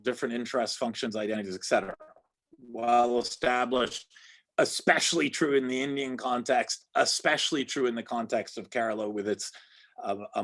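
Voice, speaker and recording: A man's voice: mid-range voice, a bit bright. A man with an American accent giving an academic lecture over a video call, thoughtful, often restarting and checking in with "right?". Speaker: guest lecturer.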